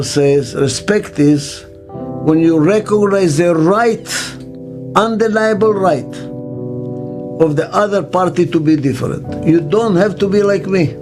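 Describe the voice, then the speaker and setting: An older man with a Hebrew mother tongue, a business consultant speaking in an interview, slow and emphatic, repeating his key words. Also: a little high. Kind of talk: interview monologue.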